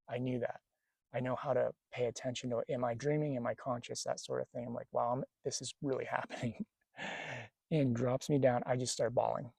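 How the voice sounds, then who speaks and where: Casual male vlogger, gravelly and mellow, flat delivery, rambling storyteller, dry outdoor camera mic. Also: mid-range voice, no echo. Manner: rambling, animated retelling with quoted dialogue. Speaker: spiritual vlogger. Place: outdoors near a lake.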